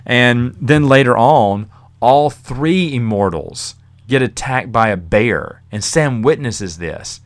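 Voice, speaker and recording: A man's voice: medium pitch, takes it slowly. A man hosting a podcast, casually reviewing a novel in a rambling, chatty way with fillers and the odd chuckle. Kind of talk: casual spoken book review.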